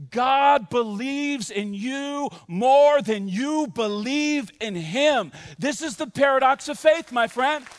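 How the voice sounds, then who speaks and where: A man's voice: very high-pitched, dry recording, studio quality. A pastor preaching a sermon with energy, rhythmic and playful phrasing, and call-and-response to his church. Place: large church.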